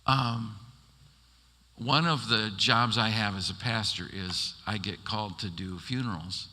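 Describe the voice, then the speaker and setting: A man's voice: fairly low pitch, a little slow, bright, forceful tone. A man pastor preaching a sermon, telling stories animatedly and acting out the people he quotes. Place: church sanctuary. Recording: long church hall reverb.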